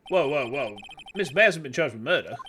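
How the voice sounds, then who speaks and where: A man's voice: on the high side, expressive, fairly quick, background noise, lightly acted. An English man voicing a young male lawyer in a video game, with dry, exasperated asides.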